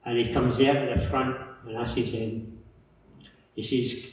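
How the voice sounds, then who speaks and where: A man's voice: mid-range voice, fairly even intonation, moderate pace, darkish tone. A man with a Scottish accent giving a chatty, rambling conference talk, telling a story and acting out the other people's lines. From Scotland. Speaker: local councillor giving a talk. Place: large conference hall. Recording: echoey hall from far off.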